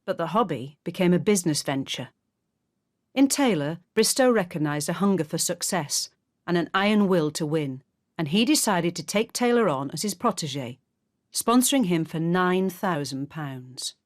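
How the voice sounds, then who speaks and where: A woman reading scripted documentary narration in a measured, formal way. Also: on the low side, expressive. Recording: narration with faint music underneath.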